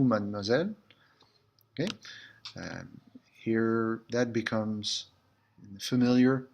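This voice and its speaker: A man teaching a language lesson as a French teacher in a school building, patiently repeating each phrase slowly. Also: mid-range voice, animated.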